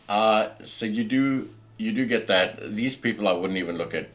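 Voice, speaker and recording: A man's voice: fairly low pitch, normal speed, hardly any pauses, fairly bright tone. A middle-aged man with a South African accent hosting a casual podcast, ranting passionately and preachily, with frequent restarts. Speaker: podcast host. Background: faint background music.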